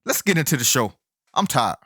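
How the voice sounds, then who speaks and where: A man's voice: mid-range voice, normal speed, fairly bright tone. A man hosting his own commentary channel, delivering an emphatic, indignant opinion monologue full of rhetorical questions and folksy asides to viewers.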